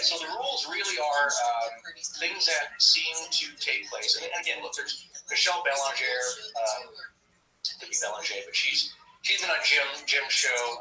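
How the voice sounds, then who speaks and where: A man's voice: medium pitch, sharp tone, echoey room, distant mic, low-quality recording. A man hosting a podcast in casual chat, rambling with many restarts. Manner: rambling, full of fillers and restarts. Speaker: podcast host.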